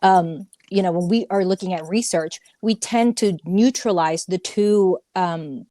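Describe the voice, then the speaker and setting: A woman's voice: lowish voice, measured pace, warm tone, no echo, studio quality. A woman on a panel explaining research with dates and references, reading from her notes. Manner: informative, cites notes and dates. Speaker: panel guest. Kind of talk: casual panel discussion.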